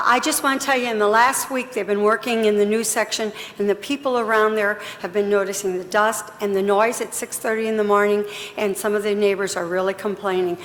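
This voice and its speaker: A woman's voice: on the high side, fairly bright tone. A woman speaking as a neighborhood council park representative, chatty and a little apologetic. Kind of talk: public comment at a council hearing. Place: large city council chamber. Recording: reverberant council chamber.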